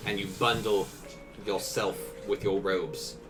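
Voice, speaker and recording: A man's voice: on the low side, fairly even intonation, takes it slowly, over loud music. A man running a tabletop game as game master, narrating scenes in a laid-back, jokey way.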